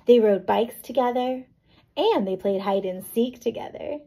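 A woman teacher reading a picture book aloud to young children, gentle and patient, pausing to check in with them. Her voice is a little high, with a gravelly, mellow grain. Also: rough recording. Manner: gentle, checks in with "right?" and "okay?".

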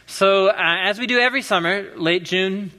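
A man's voice: sits high, moderate pace. A man in his thirties from the US Pacific Northwest, preaching a casual, joking sermon in a church. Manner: animated, joking storyteller. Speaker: pastor. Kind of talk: conversational sermon. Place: church sanctuary. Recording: long reverb of a large hall.

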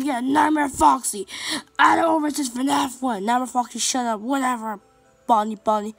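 A woman giving excitable let's play commentary over a game, chanting and repeating little phrases as she plays. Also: high voice, gravelly. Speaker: gameplay commentator.

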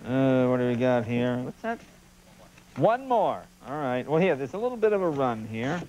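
A man hosting a talk show, running a comedic monologue of joke headlines with animated punchlines and asides to the audience. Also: mid-range voice, moderate pace, rough recording. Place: TV studio stage. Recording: TV studio with audience laughter and noise. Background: studio audience laughter.

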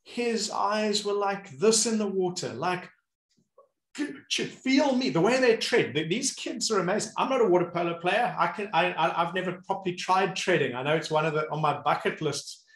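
A man with a fairly high voice tells stories animatedly in a relaxed chat, slipping in and out of the voices of the people he describes. The room echoes noticeably around him. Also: a little fast, few pauses. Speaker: movement coach and host. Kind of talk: casual conversation. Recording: roomy echo.

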